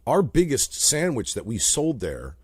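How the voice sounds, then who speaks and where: Animated joking man from New Jersey. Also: mid-range voice, a little slow, breathy edge, dry recording, studio quality. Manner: animated, joking, swears freely. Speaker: podcast co-host. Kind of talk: casual chat.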